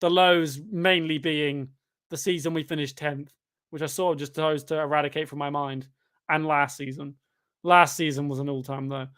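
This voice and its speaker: A man talks football in a relaxed, casual chat, firing off opinions on quick questions. His voice sits a little on the high side. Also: smooth. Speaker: football fan guest.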